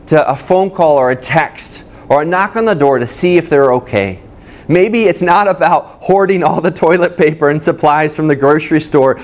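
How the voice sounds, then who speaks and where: A male pastor preaching a sermon at a church service that is also streamed online, talking conversationally and addressing his listeners directly. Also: a little high.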